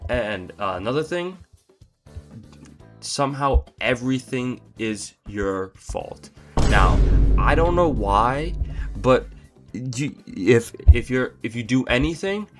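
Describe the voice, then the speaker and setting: A young man doing a comedic rant to camera, exasperated and incredulous, with exaggerated outbursts. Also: mid-range voice. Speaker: comedy vlogger.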